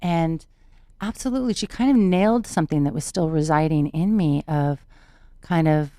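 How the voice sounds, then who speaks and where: Woman, podcast guest, deep voice, dry close sound, earnest, emphatic. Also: moderate pace, warm tone, clear, resonant tone, no room sound. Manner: earnest, emphatic, repeats words for weight. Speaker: podcast guest, spiritual teacher. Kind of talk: personal storytelling in a podcast interview.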